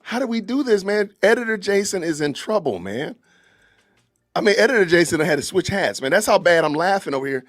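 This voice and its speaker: A man's voice: high-pitched, expressive, brisk, dry recording, clean studio sound. A man hosting a live podcast, reacting to clips with laughter and disbelief. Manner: laughing, incredulous, exclamatory. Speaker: podcast host. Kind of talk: live-stream reaction commentary.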